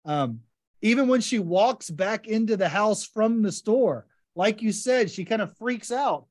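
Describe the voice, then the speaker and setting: A man's voice: high-pitched, animated, moderate pace. A man hosting a podcast, enthusiastically discussing a short story and guiding the talk with questions. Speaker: podcast host. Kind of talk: casual literary discussion.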